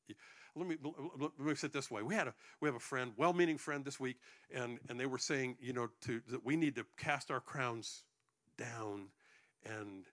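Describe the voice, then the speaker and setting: A man's voice: mid-range voice, fairly bright tone. A male pastor preaching a sermon to his congregation, joking between points and often restarting his sentences.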